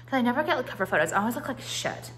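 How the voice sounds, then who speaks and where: A young woman vlogging casually at home on a phone camera, swearing often and talking in quick, restarting bursts full of "like". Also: fairly high pitch, sing-song, fairly bright tone, a little hiss or hum. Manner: chatty, profane, full of "like" and restarts. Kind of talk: casual vlog chat. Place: at home, walking through rooms.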